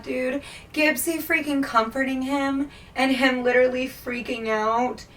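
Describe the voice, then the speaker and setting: This book vlogger has a high-pitched, fairly bright voice, steady in tone and a little slow, and she sounds distant from the microphone. Reacting to a novel in casual talk, she gets emotional and gushy, saying "like" constantly.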